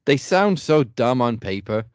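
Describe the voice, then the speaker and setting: A man co-hosting a wrestling podcast, calmly breaking down the matches in a measured, analytical way. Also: medium pitch, clean tone, no room sound. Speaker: podcast co-host. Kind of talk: casual chat.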